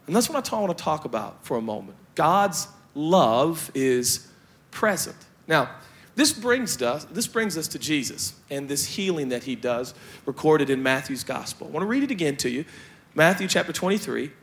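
A young adult man preaching a sermon as pastor, joking and animated, with playful asides to the congregation. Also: a little high, a little fast.

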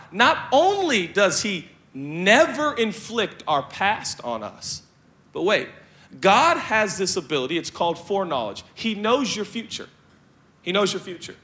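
A young adult man preaching a sermon as pastor, joking and animated, with playful asides to the congregation. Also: high-pitched.

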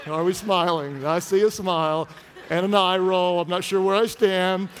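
A man's voice: high voice, fairly even intonation, moderate pace, slight background noise. A man preaching a humorous sermon as pastor, playful and teasing with the congregation. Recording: long reverb of a large hall.

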